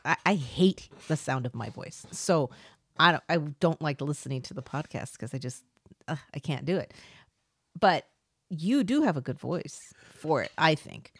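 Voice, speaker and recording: Teasing podcast co-host, lively voice. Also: mid-range voice, moderate pace, husky, no room sound. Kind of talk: casual podcast chat.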